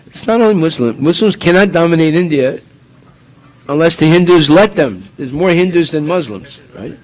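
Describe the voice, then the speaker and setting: Emphatic high-voiced male preacher. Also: expressive, normal speed, low-quality recording. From United States. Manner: emphatic, rhetorical questions. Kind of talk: sermon.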